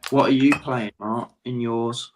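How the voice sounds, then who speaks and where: A man's voice: medium pitch, steady tone, a little slow. A man joining a casual chat, teasing the others in short bursts of banter.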